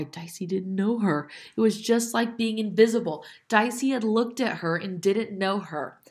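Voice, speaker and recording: A woman reads a children's historical novel aloud, expressive and lively, correcting small slips as she goes. Her voice sits slightly low, and now and then she stops to explain a detail to her listeners. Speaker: reader reading a chapter book aloud. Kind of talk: read-aloud narration with asides.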